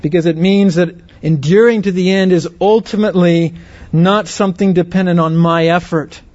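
A man teaching the Bible to a group speaks at a moderate pace in a high, slightly mellow voice with fairly even intonation, on a muffled recording. His teaching sermon stresses key words and frequently questions listeners to check their agreement.

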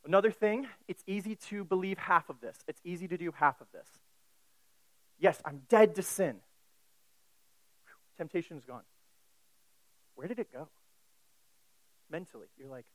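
A man's voice: high voice, normal speed, long pauses, dry recording, rough recording. A man preaching a sermon in a conversational way, often asking the listeners questions.

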